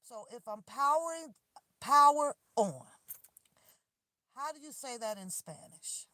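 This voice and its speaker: A woman's voice: fairly high pitch, animated, normal speed, sharp tone, dry recording. A woman vlogging from her car on a phone, ranting in an exasperated, laughing way and swearing freely. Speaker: vlogger talking to her viewers. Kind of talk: animated casual rant to camera. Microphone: phone camera.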